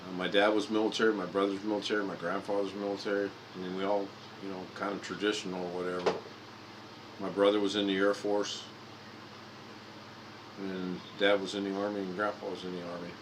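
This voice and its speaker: A man's voice: deep voice, little pitch movement, a little fast, noisy background. A man in his fifties from Indiana, livestreaming and telling rambling personal stories with frequent restarts and self-corrections. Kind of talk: casual storytelling monologue.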